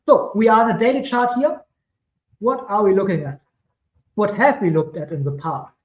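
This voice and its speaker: A man's voice: high voice, normal speed, reverberant, low-quality recording. German-accented man talking through charts. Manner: rambling, self-correcting, chatty asides. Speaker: crypto streamer. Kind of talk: casual chart commentary.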